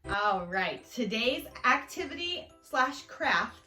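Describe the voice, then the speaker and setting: A woman's voice: on the high side, very animated, slow, pushed and bright, faint music behind. A woman leading a children's story time at a library, reading aloud playfully and laughing often. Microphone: camera mic in a library room.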